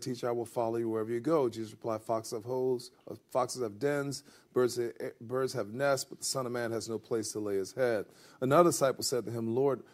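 A man preaching a sermon as a pastor, reading scripture and then acting out the disciples' voices with lively energy. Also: medium pitch. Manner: animated, acts out the disciples' voices.

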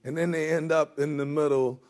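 A man preaching a sermon as a pastor, reading scripture and then acting out the disciples' voices with lively energy. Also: on the high side, a little fast. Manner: animated, acts out the disciples' voices.

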